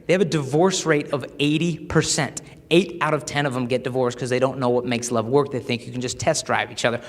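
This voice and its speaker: A man's voice: medium pitch, fairly quick. A young man giving a humorous talk to a live audience, telling stories with animation and acting out the voices of the people in them. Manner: animated storytelling, acts out quoted voices. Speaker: speaker addressing a live audience. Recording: echoey hall.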